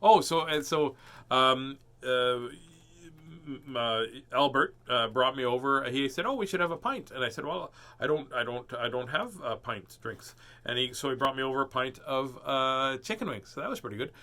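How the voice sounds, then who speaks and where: Bright, lively male storybook reader, chatty asides, playful character lines. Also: mid-range voice, moderate pace. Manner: chatty, animated, with dramatic giant lines. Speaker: host reading picture books aloud. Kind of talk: storybook read-aloud with chat.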